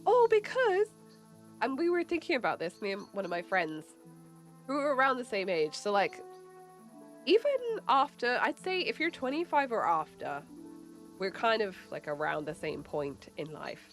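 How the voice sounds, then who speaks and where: A woman's voice: mid-range voice, very animated, normal speed, faint music behind. A woman in her late twenties with an English accent, chatting casually with her stream viewers, laughing often and swearing freely. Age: late 20s. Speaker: livestreamer.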